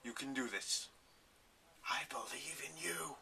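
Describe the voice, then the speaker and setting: A man co-hosting a casual podcast, calmly encouraging his partner to keep going. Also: medium pitch, slow, creaky, far from the mic, slight background noise. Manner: calm and encouraging. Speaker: podcast co-host. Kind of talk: casual chat.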